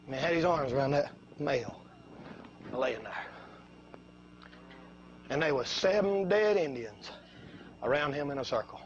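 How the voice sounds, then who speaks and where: A man preaching a fiery revival sermon, telling folksy stories that build up to shouting. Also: a little high, expressive, a little slow, pauses often, dull audio.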